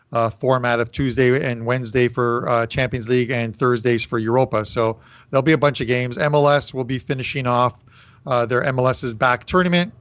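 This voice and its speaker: Man with a dry, close sound, halting speech. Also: medium pitch, dry recording. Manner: halting, lots of fillers. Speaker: soccer analyst. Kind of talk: casual sports show chat.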